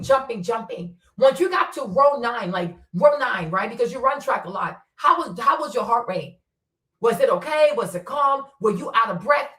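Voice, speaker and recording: A woman's voice: high-pitched, fairly bright tone, recorded from a distance. A woman giving impassioned commentary, blunt and profane, firing off rhetorical questions. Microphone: streaming setup. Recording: roomy sound from away from the mic.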